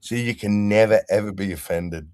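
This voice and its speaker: A man's voice: on the low side, normal speed, darkish tone, no echo. An Australian man in casual chat on a video call, blunt and joking, swearing freely.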